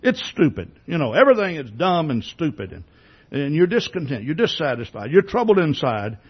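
A man's voice: a little high, very animated, brisk, slightly rough, muffled recording. A man preaching a sermon in a conversational way, asking many rhetorical questions and often repeating words as he starts a sentence. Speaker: pastor.

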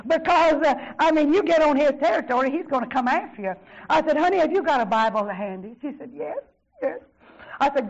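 An older woman preaches with fervor, her voice sitting high. She swings from drawn-out shouts down to hushed asides and keeps repeating exclamations of praise. The recording sounds dull and lo-fi. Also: expressive. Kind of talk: sermon.

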